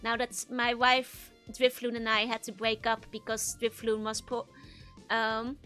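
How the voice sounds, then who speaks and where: A woman with a high, bright voice chats casually on a live stream and answers viewer messages as they come in. Soft game music plays in the background. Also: monotone, measured pace.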